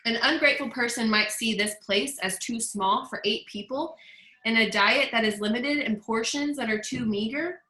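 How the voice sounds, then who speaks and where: A woman reading out the words of a patient, wise teenage girl in hiding, calm and measured. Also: on the high side. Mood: calm earnest. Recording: echoey room.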